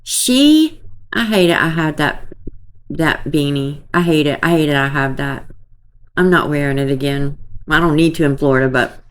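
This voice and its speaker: A woman's voice: low voice, animated, normal speed. A woman giving casual, opinionated gossip commentary to her viewers, scornful and talking to them directly. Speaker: commentary vlogger.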